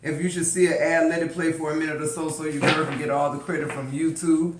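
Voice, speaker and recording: A man giving a casual tarot reading, slangy and profane, preaching and swinging from low murmurs to yelling. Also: little pitch movement, a little fast, roomy sound, heavy background noise. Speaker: tarot reader.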